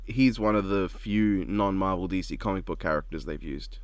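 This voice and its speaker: Low-voiced laid-back man, dry sound. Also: moderate pace, no room sound. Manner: laid-back, rambling, giggly. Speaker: channel host. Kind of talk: casual reaction chat.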